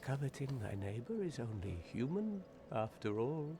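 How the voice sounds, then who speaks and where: An actor playing a gloomy, sardonic undead warrior in a video game, with a depressing monotone delivery that is cynical and world-weary. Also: male voice, mid-range voice, normal speed, natural voice. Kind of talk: video game character dialogue. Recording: game audio with steady background noise.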